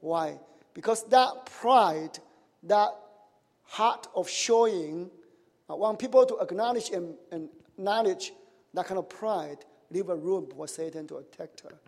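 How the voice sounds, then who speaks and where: Male pastor, high voice, sermon with questions to the room, tags like "right?", nonnative grammar, big hall reverb. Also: measured pace, creaky, a little mellow.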